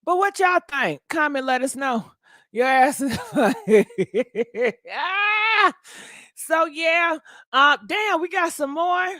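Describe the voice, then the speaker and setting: A woman with a high, bright voice hosts a casual gossip commentary. She talks in a blunt, sassy way and swears freely. The sound is dry and close to the mic. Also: expressive, slow, no room sound. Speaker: host.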